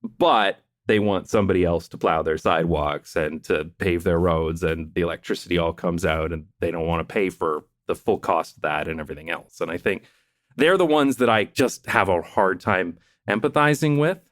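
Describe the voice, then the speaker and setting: A man with a very low voice talks through his ideas at an even, measured pace, chuckling now and then. His voice sounds dry and near the mic, with no room around it. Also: no echo. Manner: explanatory, measured, laughs between points. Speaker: podcast host. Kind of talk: casual interview chat.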